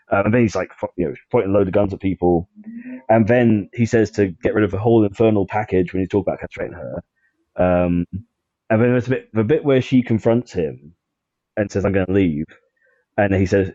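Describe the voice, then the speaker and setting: Guy with a low dark voice rambling about a film on a podcast, lots of um and like, dull lo-fi sound. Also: a little fast, no room sound. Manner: rambling, many fillers and restarts. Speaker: podcast guest. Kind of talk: casual podcast chat.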